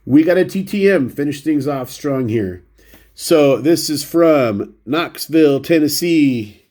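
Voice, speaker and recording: A man's voice: a little high, expressive, measured pace, warm tone. A man with a runny, stuffy nose chatting casually through a stack of baseball cards, rambling and poking fun at himself. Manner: rambling, self-deprecating, shows cards one by one. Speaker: baseball card vlogger. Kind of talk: casual chat.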